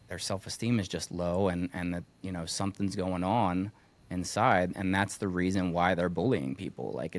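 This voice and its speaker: A man hosting a podcast, talking in a relaxed, loose way with many filler words. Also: low-pitched. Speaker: podcast host. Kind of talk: casual chat.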